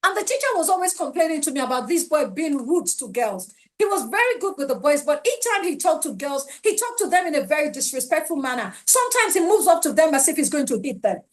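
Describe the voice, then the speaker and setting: A woman's voice: sits high, very animated, quick pace. A middle-aged Nigerian woman giving a parenting webinar talk, emphatic and pleading with her listeners. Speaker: parenting speaker.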